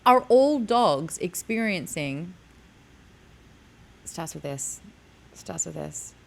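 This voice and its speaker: A woman hosting a casual podcast chat, playful and quick to laugh. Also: on the low side, expressive, creaky, a little hiss or hum. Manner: playful, laughing, jumps into voices. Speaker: podcast host.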